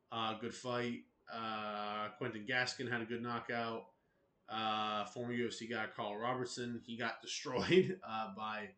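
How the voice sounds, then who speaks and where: A man's voice: mid-range voice, a bit bright. A man hosting a casual combat sports news roundup in a rambling, loose way, with many fillers and restarts.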